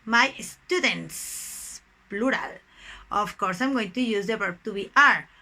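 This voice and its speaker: A young woman who speaks Spanish natively, teaching an online English grammar lesson with a Mexican Spanish accent, explaining slowly and deliberately and often addressing the class as "guys". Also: medium pitch, bright, forceful tone, poor audio.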